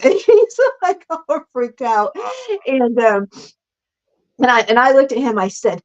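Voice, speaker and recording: Excited woman telling wild stories. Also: fairly high pitch. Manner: animated, laughing, fast bursts, says "like" and "super freaking cool" a lot. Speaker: guest. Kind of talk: casual storytelling interview. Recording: slightly dull lo-fi sound.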